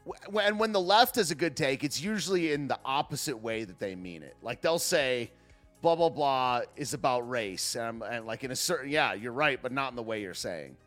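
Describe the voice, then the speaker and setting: A man's voice: medium pitch, lively intonation, fairly quick, hardly any pauses, fairly bright tone, soft background music. A man rambling through casual live commentary with many fillers and restarts. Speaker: political commentary streamer.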